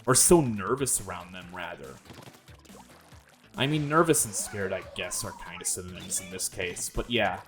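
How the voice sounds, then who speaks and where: A man's voice: deep voice, moderate pace, faint music behind. A young man hosting a gaming video, rambling in casual commentary full of fillers and swearing. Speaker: gaming channel host.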